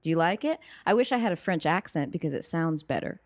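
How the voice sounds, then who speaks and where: A woman with a low voice hosts a relaxed podcast, chatty and quick to laugh. Her voice sounds close and dry. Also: no room sound. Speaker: podcast host. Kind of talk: casual chat.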